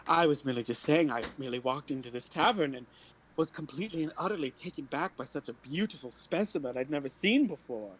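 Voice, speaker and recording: A man's voice: a little high, animated, quick pace, fairly bright tone, slight background noise, poor audio. A man playing a bard in a tabletop game, speaking in flowery, theatrical compliments. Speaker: player.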